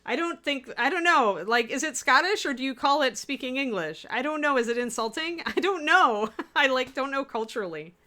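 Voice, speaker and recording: A woman's voice: sits high, expressive, moderate pace, few pauses, pushed and bright. A woman co-hosting a livestream on miniature painting, talking in a chatty, rambling way with many fillers and answering viewers' comments. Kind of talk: casual livestream chat reading viewer comments.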